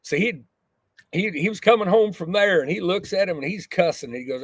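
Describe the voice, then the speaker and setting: Folksy man with a gravelly voice. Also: a little high, fairly quick, dry recording. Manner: folksy, animated storyteller. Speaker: podcast guest, entrepreneur. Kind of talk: casual storytelling.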